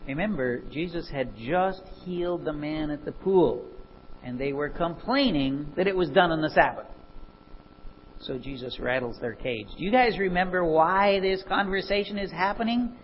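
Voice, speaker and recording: A man preaching a sermon, animated and full of rhetorical questions. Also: on the high side, moderate pace, muffled recording, slight background noise.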